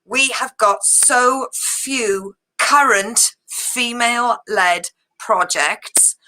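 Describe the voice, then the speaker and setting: A woman's voice: on the high side, drawn-out words, bright, forceful tone, poor audio. A woman co-hosting a comedy podcast, chatting in an earnest, emphatic way. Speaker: co-host. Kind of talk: casual chat.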